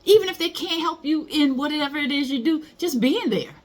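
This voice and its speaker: A woman's voice: sits high, animated, a little fast. A middle-aged woman, giving casual motivational advice and telling stories. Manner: conversational, storytelling, acts out quoted voices. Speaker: motivational speaker.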